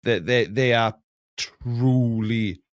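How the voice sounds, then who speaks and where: A man's voice: mid-range voice, slow. A middle-aged man hosting a live stream, chatting casually and rambling between stories, chuckling at his own jokes.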